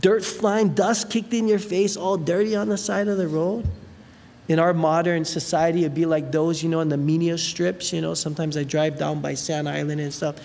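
A preacher giving an animated sermon, retelling a Bible story with many asides and fillers. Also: mid-range voice, moderate pace, vocal fry. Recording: long hall reverb, faint noise.

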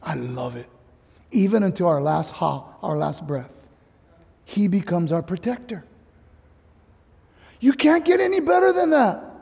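A man from Hawaii preaching a sermon as pastor, emphatic and animated with casual slang asides, in a church hall. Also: sits high, unhurried, vocal fry, long pauses. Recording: long hall reverb.

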